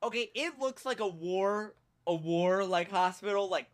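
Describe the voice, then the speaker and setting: A man hosting a podcast, telling a story casually and acting out the people in it with shouts and laughs. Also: high voice, measured pace, dry recording. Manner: animated, acts out quoted people with shouts and laughs. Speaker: podcast host.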